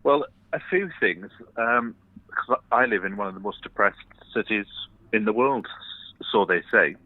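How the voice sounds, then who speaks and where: A man's voice: fairly low pitch, expressive, measured pace, dry recording. A man calling in to a chat show, chatty with wry asides, heard over a phone line. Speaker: caller.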